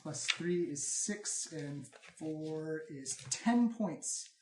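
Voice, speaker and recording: A game master narrates a tabletop game and calls for dice checks. The sound is roomy, with clear background noise throughout. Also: mid-range voice, animated, drawn-out words.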